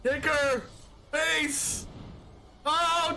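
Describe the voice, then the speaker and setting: High-pitched excitable man streaming a card game. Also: unhurried. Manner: loud, excitable, often shouting and laughing. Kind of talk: excited gameplay commentary.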